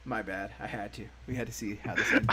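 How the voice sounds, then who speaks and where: A man's voice: on the low side, fairly even intonation, brisk, pushed and bright, a little hiss or hum. Rambling man, casual anime chat. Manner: loose, rambling, laughs often. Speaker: podcast host.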